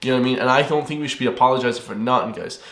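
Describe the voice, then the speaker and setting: A man's voice: mid-range voice, rapid-fire, a bit bright, roomy sound. A young Irish man hosting a reaction video, ranting heatedly with lots of fillers and repeated words. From Ireland. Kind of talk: casual ranting commentary.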